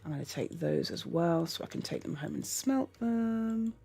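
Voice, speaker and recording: A woman chats her way through a game session on a desk mic, her low voice edged with gravel. She rambles, laughs often and drops into muttered asides, with a lively, swooping delivery. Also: normal speed. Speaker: gaming channel host. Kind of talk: casual gameplay commentary.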